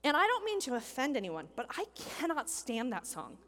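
A woman giving a sermon as a pastor, animated, acting out the people in the story she tells. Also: high-pitched, normal speed, in a large hall. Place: church hall with a congregation.

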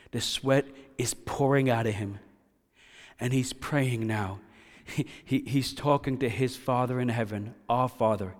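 A man preaches with a mid-range voice, sinking to near-hushed lines before climbing to loud, fervent peaks. His words ring with a long reverb, as in a large hall. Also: mid-range voice. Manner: swings from hushed to loud and impassioned. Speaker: pastor. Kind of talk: sermon.

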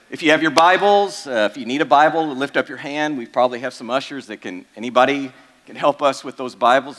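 A man's voice: medium pitch, a bit bright. A male pastor giving a sermon in a casual, joking way, full of fillers and asides to the congregation. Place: church.

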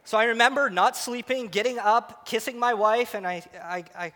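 A man giving a sermon, telling an animated, self-mocking story about himself. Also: very high-pitched, moderate pace. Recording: long hall reverb.

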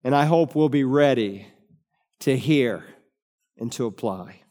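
A middle-aged male pastor preaching a sermon with emphatic rises on key words and deliberate slowing. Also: mid-range voice, expressive, mellow. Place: church sanctuary. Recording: long hall reverb.

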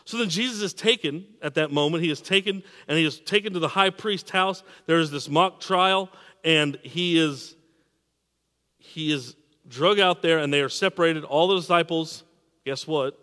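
A man preaching a sermon, repeating and restarting words, swinging between emphatic peaks and quiet drops. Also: fairly high pitch, normal speed, long reverb tail. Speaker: pastor.

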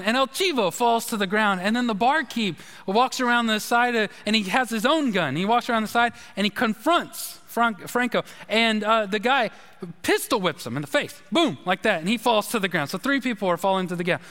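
Man, pastor, sermon, high voice, conversational storytelling, long hall reverb. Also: expressive, fairly quick, pushed and bright.

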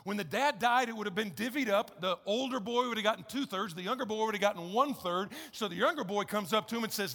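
A man's voice: high-pitched, fast, gravelly, few pauses, a bit bright. A man preaching a sermon as pastor, conversational and emphatic, repeating key phrases with wry humor. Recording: echoey church hall.

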